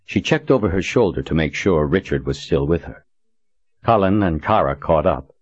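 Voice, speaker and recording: Deep-voiced male audiobook narrator. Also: normal speed, breathy edge, dry recording. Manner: steady, even reading. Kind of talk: scripted narration. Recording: dull dry recording.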